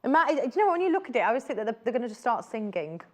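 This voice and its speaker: A woman's voice: fairly high pitch, big pitch swings, rapid-fire, darkish tone. A woman presenting fabrics on a live shopping channel, chatty and gushing as she exclaims over each print. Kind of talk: live TV selling chat.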